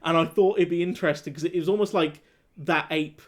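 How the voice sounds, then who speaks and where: A man co-hosting a casual film review chat, animated and laughing as he acts out scenes. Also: fairly high pitch, quick pace. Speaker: podcast co-host.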